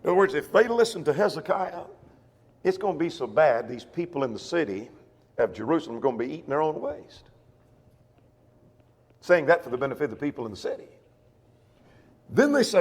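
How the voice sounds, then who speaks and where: A man leading a church Bible class, reading scripture and then explaining it in plain terms. His voice sits somewhat high, and his talk is full of ums and uhs. The sound carries a long, echoey church-hall reverb. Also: sing-song, a little fast. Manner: reads scripture aloud and explains it, with frequent fillers.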